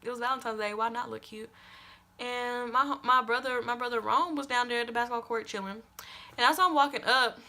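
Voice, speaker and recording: In this storytime vlog, a young woman recounts something that happened to her with lots of energy and emphasis, swearing offhandedly and repeating lines for effect. She speaks at a brisk clip in a fairly high pitch.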